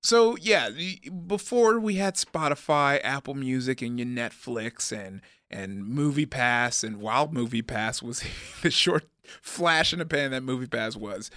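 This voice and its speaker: A man's voice: mid-range voice, unhurried, hardly any pauses, a bit bright, no room sound, studio quality. Rambling, jokey male podcast co-host. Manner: rambling and jokey, with frequent restarts. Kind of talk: casual chat.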